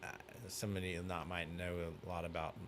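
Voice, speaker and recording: Low male voice, chatty storyteller, slight background noise. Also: a little fast. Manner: animated anecdote teller. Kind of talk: casual chat, storytelling.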